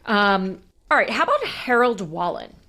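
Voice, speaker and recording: A woman's voice: mid-range voice, huge pitch swings, normal speed, sharp tone. Woman co-hosting a sports chat. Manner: conversational, reads questions aloud with asides. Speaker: podcast co-host reading listener questions.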